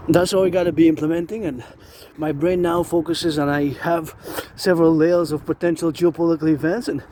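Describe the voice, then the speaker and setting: A man's voice: on the high side, a little mellow, a little hiss or hum, low-quality recording. A man from Quebec rambling in a monologue outdoors near a road and railway, repeating words and phrases over and over like a chant. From Quebec, Canada. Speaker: vlogger.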